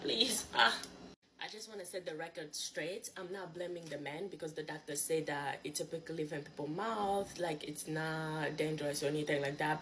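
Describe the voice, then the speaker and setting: Animated woman venting. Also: low-pitched, a little hiss or hum. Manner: animated, exasperated, blunt. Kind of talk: casual storytelling to camera.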